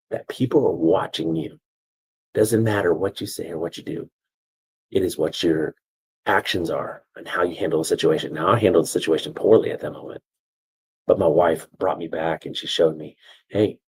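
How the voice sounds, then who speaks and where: A man's voice: low-pitched, darkish tone, husky, poor audio. A man coaching on video storytelling, telling a personal family story in a conversational way and checking in with his listeners.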